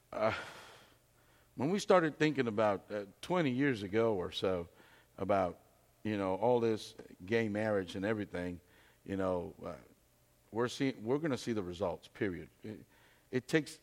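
Male preacher in an echoing hall. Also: mid-range voice. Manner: conversational preaching, storytelling with rhetorical questions. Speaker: pastor. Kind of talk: sermon. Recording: long hall reverb.

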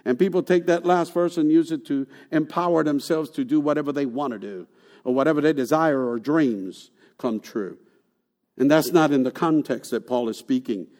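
High-voiced animated male preacher. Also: normal speed. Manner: animated, rhetorical questions, repeats for emphasis. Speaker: pastor. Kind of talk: sermon.

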